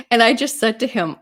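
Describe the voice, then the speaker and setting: Chatty middle-aged woman with a lowish voice. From Midwest US. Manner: chatty storyteller, frequent "right?" and "you know" asides. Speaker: real estate agent. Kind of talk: casual teaching talk.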